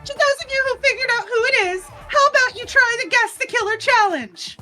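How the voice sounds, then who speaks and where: Woman doing a shrill gleeful villain host. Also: a little fast, sharp tone, soft background music. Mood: gleeful taunting. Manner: teasing, theatrical announcer delivery. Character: gleeful mocking villain running a deadly trial. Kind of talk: reading game dialogue aloud.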